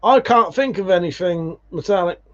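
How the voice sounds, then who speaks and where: A man hosts a livestream, chatting casually as he reads viewer comments and drops swear words. He calls people mate along the way. His voice sits a little high, and the stream audio is dull and lo-fi. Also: lively intonation, moderate pace, a bit bright. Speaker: livestream host.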